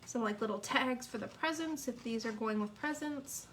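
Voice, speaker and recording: A papercraft instructor with a fairly high voice chats with viewers at a normal speed while teaching a live card-making lesson. Her sniffles and hiccups come through over a noisy background.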